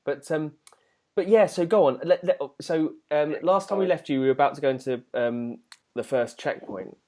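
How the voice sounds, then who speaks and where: A man's voice: a little high, moderate pace, darkish tone. A man hosting a podcast, chatting with a caller in a teasing, rambling way. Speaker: podcast host. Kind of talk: casual podcast chat.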